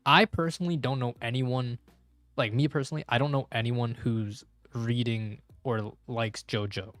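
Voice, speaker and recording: A man's voice: medium pitch, steady tone, moderate pace, fairly bright tone, no echo. Slangy young man chatting on stream. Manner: slangy and rambling, full of "bro" and "like". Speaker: streamer reading manga live. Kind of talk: casual live-stream commentary.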